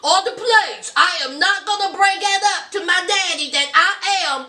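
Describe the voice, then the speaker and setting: A woman's voice: very high voice, moderate pace, sharp tone, heavily acted. Woman doing a fretful young man. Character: anxious young man, pleading. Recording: echoey room, mic at a distance.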